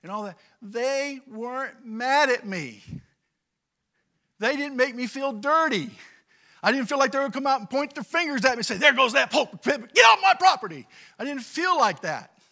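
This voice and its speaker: A middle-aged man from California preaching a sermon and telling a childhood story, swinging from quiet to loud as he goes. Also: very high voice, animated, moderate pace. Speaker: pastor.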